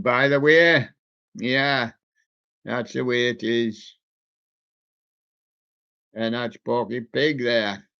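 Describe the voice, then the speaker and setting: Slow-talking man hosting a lo-fi show. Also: mid-range voice, fairly even intonation, smooth. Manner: chatty, playful, talks to soft toys and does their voices. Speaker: radio show host. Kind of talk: casual radio chat. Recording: dull lo-fi sound.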